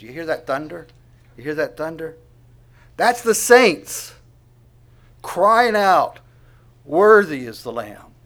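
Delivering a sermon, this male pastor swings from hushed side remarks to booming declarations and quizzes his congregation along the way. His voice sits in the mid range.

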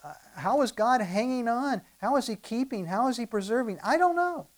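Animated male preacher with rhetorical questions. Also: very high-pitched, moderate pace. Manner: animated, swinging from loud to soft, rhetorical questions. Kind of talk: sermon with scripture reading.

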